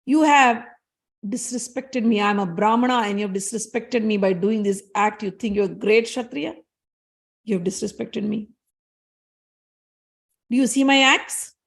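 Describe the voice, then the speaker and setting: Brief: woman doing an enraged old warrior-sage, high and gravelly, scolding. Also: normal speed, long pauses. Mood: angry. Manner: scolding, accusing. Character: furious older male warrior-sage, proud and threatening.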